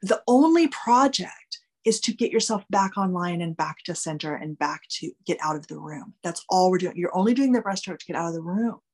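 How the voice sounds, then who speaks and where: A woman talking candidly in a casual podcast conversation, explaining with animated emphasis and free swearing. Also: on the low side, brisk, hardly any pauses, husky. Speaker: guest expert.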